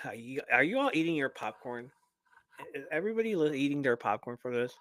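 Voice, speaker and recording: A man hosting a live show, reading a listener's story aloud and stopping for lively, profane asides to the audience. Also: medium pitch, fairly quick, no room sound. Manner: animated, profane, laughs often, talks straight to listeners.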